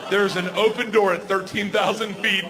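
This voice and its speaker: Brief: male stand-up comic, forties, high bright voice, live club crowd laughing behind him. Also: moderate pace. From United States. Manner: loud, animated, acts out characters. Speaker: stand-up comedian. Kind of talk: stand-up storytelling. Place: comedy club stage.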